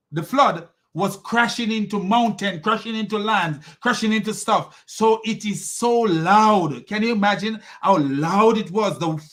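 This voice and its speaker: A man's voice: sits high, a bit bright. A man hosting a critical commentary, talking in a mocking tone, laughing often and restarting his sentences. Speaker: host.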